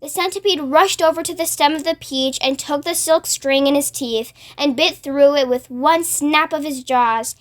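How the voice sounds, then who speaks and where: A woman reading a children's book aloud, narrating in a clear, expressive way. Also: sits high, moderate pace, few pauses. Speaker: storyteller.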